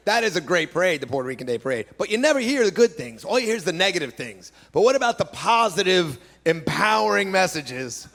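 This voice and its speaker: A man's voice: high voice, very animated, quick pace, creaky, few pauses, a bit bright. A man doing a stand-up routine in a comedy club, ranting in a brash, profane, incredulous way. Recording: live club set with crowd laughter and noise. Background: crowd laughing.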